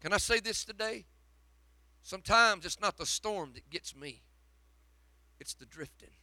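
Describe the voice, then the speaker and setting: High, bright-voiced preacher swinging loud and hushed. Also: male voice, expressive, a little slow. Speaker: pastor. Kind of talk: sermon.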